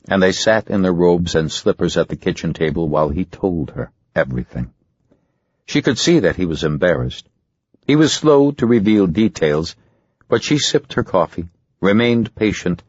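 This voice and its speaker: Male thriller narrator: low, husky, suspenseful, dry close sound. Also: big pitch swings, darkish tone, no room sound, dull audio. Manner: measured, suspenseful. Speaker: audiobook narrator. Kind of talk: scripted narration.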